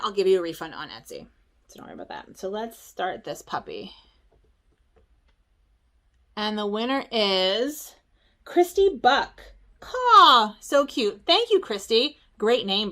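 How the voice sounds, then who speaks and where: A woman from the Philadelphia area chatting casually at home for her stitching vlog, excitable and rambling, with quick asides. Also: a little high. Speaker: stitching vlogger.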